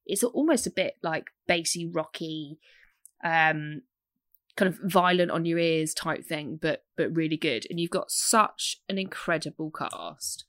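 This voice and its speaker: Bright, chatty woman. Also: low voice, a little slow, no echo, studio quality. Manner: chatty, enthusiastic, laughs often. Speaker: podcast co-host. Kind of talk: casual chat.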